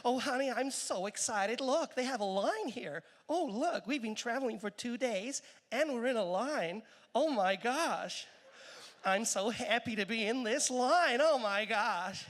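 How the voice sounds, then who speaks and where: A man playing an over-excited American tourist on a cruise ship, speaking in an American accent with breathless, over-the-top enthusiasm. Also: extremely high pitch, unhurried, big-room sound, heavily acted. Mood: gushing.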